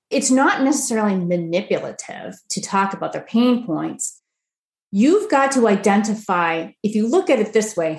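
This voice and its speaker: A woman guest on a podcast explaining marketing in a lively, conversational way, full of rhetorical questions. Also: medium pitch. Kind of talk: conversational interview answer. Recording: roomy echo.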